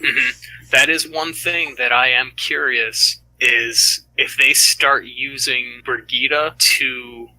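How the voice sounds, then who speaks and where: A man with a very bright, forceful voice, co-hosting a loose esports podcast chat. He sounds eager and excitable and fills his sentences with "like". His pitch sits in an ordinary middle range. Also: slow pace, low-quality recording. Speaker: co-host.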